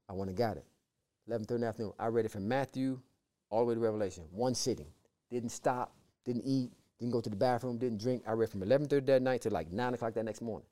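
A man telling his personal faith testimony as a guest, with lively repeated phrases and acted-out quotes. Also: mid-range voice. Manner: lively, repeats words, acts out quoted voices. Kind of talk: animated personal storytelling.

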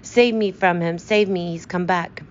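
A woman's voice: lowish voice, a little fast, muffled recording, a little hiss or hum, lightly acted. A woman voicing a frightened, grieving widow who is hiding her guilt, in a tense, pleading manner. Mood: hysterical.

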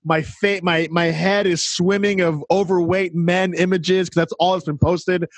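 A man on a podcast, telling an excited story and acting out the dialogue in casual chat. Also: high voice, unhurried, no echo. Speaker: podcast co-host, counselor.

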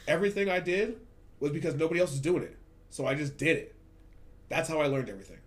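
A man's voice: on the high side, fast. A man on a podcast telling work stories in a casual, profane, ranting way. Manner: profane, ranting, animated storytelling. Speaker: podcast host. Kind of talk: casual chat. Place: Hollywood.

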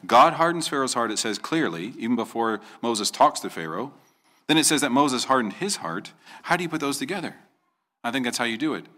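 A man's voice: medium pitch, expressive, brisk, bright, forceful tone. A man preaching an earnest sermon as a pastor, rising to emphatic questions and acting out quoted voices as he tells the story.

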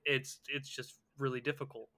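Young man, casual podcast chat, halting, thinks aloud, bright voice. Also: medium pitch, little pitch movement.

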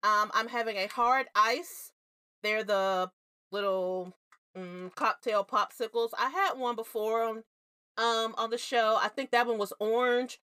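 A woman co-hosting a casual chat show, telling family stories in an animated, blunt way and laughing often. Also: a little high, measured pace, clear, resonant tone, dry recording, clean studio sound. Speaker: podcast co-host.

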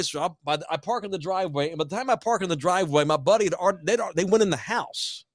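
A man hosting a podcast, telling a story in a profane, animated way and acting out every line of dialogue. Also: high voice, rapid-fire, hardly any pauses, dry recording, clean studio sound. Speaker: podcast host. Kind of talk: storytelling chat.

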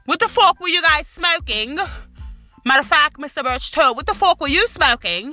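A woman's voice: high-pitched, animated, moderate pace, bright, forceful tone, faint music behind. A British woman hosting a podcast, ranting in foul-mouthed, indignant commentary full of rhetorical questions. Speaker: podcast host.

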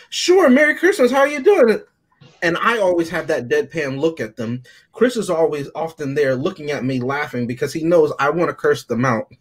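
A man with a slightly high, husky voice chats casually about a movie with his co-hosts. He teases them and tosses off deadpan jokes while reading out his favorite quotes. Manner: joking, teasing, deadpan asides. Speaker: podcast co-host. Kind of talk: casual movie review chat.

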